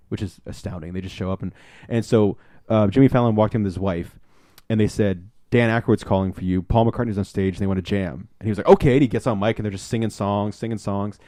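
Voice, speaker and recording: A man with a lowish voice spins an excitable, rambling story on a casual podcast, swearing freely along the way. His voice sounds close and dry, with no room sound around it. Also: fast talker, no room sound. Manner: rambling, excitable anecdote-telling with profanity. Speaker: podcast co-host.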